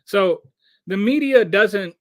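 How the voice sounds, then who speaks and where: A man hosting a show of casual political commentary, talking in an animated way with frequent restarts and rhetorical questions. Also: high-pitched, slow pace, no room sound, studio quality. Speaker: show host.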